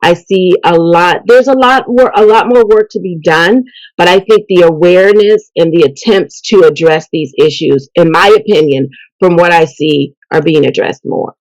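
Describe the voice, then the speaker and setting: A woman's voice: on the low side, moderate pace, no echo, low-quality recording. A middle-aged woman, a mentor speaking earnestly about her work and faith in an interview. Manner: earnest, faith-filled, animated. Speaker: event host and youth mentor. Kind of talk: interview guest. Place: local TV interview.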